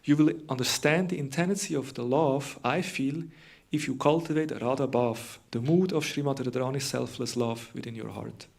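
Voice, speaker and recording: A man's voice: medium pitch, moderate pace, creaky, few pauses, a little mellow. A man voicing a devoted queen who speaks earnestly and tenderly to her husband, in a raised voice.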